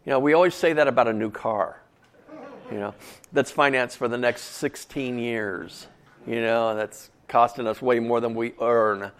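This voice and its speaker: A man's voice: mid-range voice, fairly even intonation, moderate pace. Male preacher, mid-range voice, easygoing sermon with chatty asides. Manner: folksy, conversational, with asides.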